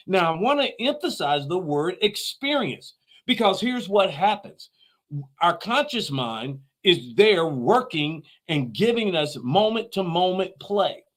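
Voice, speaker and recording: Guy with a high voice doing a motivational talk, punchy, keeps repeating himself. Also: fairly bright tone. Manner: emphatic, repeats key phrases. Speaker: motivational speaker.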